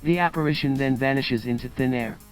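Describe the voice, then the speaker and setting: A man of middle pitch reads a story aloud on a stream, keeping a plain, steady storytelling delivery. Faint music sits behind him. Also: fairly quick, clean tone. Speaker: co-host reading the AI-written story. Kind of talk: reading story text aloud.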